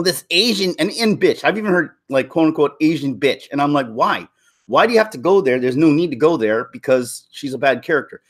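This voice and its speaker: A man giving casual commentary, rambling with many restarts and laughing often. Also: fairly high pitch. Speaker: YouTube commentator.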